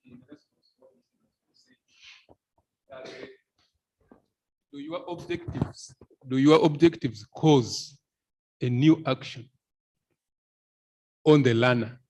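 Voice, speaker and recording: A man's voice: medium pitch, darkish tone, low-quality recording. Hesitant man speaking from the floor. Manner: hesitant, halting with fillers. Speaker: seminar participant. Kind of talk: question from the floor.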